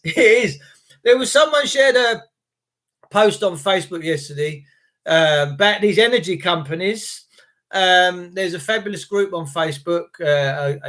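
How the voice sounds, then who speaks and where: A middle-aged man talks casually to his live-stream viewers, greeting them one by one in a fairly high voice. He is getting over the flu, so his voice wavers and he keeps clearing his throat. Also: a bit bright. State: recovering from flu, voice cracking. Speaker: livestream host.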